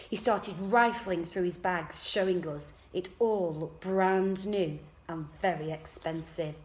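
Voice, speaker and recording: Teacher reading a story softly. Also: female voice, on the low side, takes it slowly, hardly any pauses. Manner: soft, quiet first-person narration. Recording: echoey room.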